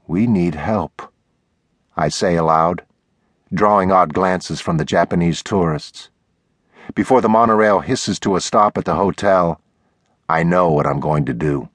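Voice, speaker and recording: A man narrating a thriller audiobook in the first person, measured and deliberate, recorded on a close studio mic. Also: low voice, a bit bright, no echo.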